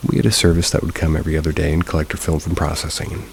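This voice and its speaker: A man narrating a first-person paranormal story in a steady, low-key manner. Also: rapid-fire, creaky, a little hiss or hum, low-quality recording. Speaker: narrator of submitted paranormal stories.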